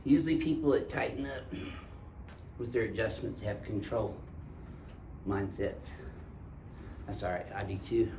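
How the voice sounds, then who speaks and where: A man's voice: lowish voice, a little slow, pauses often, warm tone. A man, a chiropractor joking and giving instructions to a patient while he treats her. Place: treatment room in a clinic. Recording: roomy clinic room, mic at a distance, background noise.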